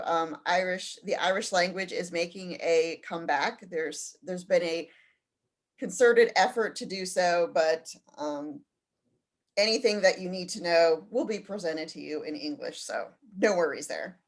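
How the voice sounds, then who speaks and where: A woman with a slightly low voice presenting a study-abroad trip in a casual info session. She often stops to search for words, with frequent ums and restarts. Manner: hesitant, many ums and restarts.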